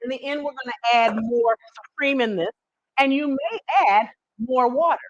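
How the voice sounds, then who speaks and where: A woman hosts a casual live cooking demonstration, chatting in a folksy way directly to her viewers and slipping in teasing asides. Her voice is high-pitched at a normal speed, and the recording is dry and lo-fi.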